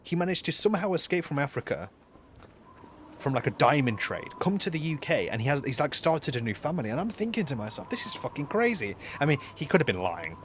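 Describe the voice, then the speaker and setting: A young man streaming a game, chatting casually and rambling through a story with lots of fillers and restarts, sometimes dropping to quiet mumbled asides. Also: mid-range voice, very animated, fast, slight background noise. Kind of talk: casual chat while gaming on stream.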